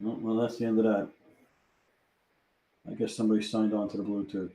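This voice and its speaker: A man's voice: lowish voice, flat delivery, brisk, dark tone, rough recording. Chatty man hosting live trivia. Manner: chatty, thinks aloud, reads out viewer answers. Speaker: livestream trivia host. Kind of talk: casual live-stream chat.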